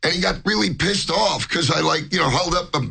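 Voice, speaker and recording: A man's voice: a little high, fairly quick, creaky, slightly rough. A male comedian telling a rambling backstage story, stammering and restarting, and acting out other people's lines. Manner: animated, acts out others' lines. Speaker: guest comedian. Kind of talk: rambling anecdote.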